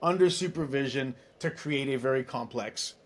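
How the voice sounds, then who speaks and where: A man in his forties, a tech executive as an interview guest, telling stories in a chatty, animated way with many restarts and asides. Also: medium pitch, moderate pace. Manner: animated, acts out dialogue in other voices. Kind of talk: casual interview storytelling.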